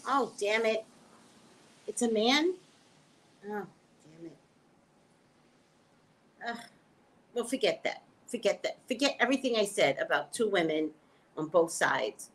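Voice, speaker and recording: A woman hosting a casual psychic livestream, talking straight to her viewers in an animated way and laughing often, on a webcam mic at home. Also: medium pitch, unhurried, pauses often.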